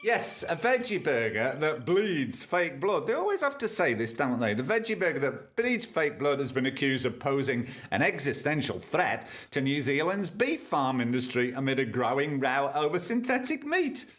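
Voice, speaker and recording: A man's voice: mid-range voice, very animated, normal speed, few pauses, a bit bright, faint music behind. A man hosting a comedy podcast, reading news items and ranting about them with sarcasm. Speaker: podcast host. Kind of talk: comic news commentary.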